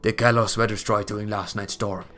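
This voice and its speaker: Guy doing a cold sneering old judge, low and hushed, slow and measured, game dialogue. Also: level tone, soft background music, close to an everyday voice. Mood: cold, scornful. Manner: quiet, measured, contemptuous. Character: stern cold older male witch-hunting judge.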